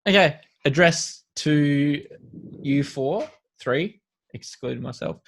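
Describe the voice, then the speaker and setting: Man, slightly raised pitch, playful joking co-panelist on a video call podcast. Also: takes it slowly, vocal fry, slight background noise. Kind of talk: casual chat.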